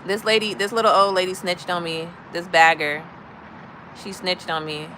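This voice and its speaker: Blunt, bright-voiced woman storyteller. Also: fairly low pitch, normal speed, slight background noise, poor audio. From Chicago. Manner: blunt, animated, gossipy. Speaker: livestream host. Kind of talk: casual storytelling to live chat.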